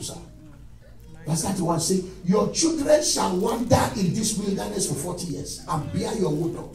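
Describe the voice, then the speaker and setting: A man preaching an animated sermon as pastor, swinging between shouted lines and low asides. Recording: echoey church hall from far off, with music.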